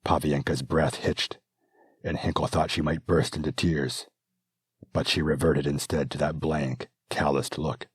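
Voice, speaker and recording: Very deep husky male narrator. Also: flat delivery, dry recording, clean studio sound. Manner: measured, descriptive storytelling. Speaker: author and audiobook narrator. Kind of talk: scripted narration.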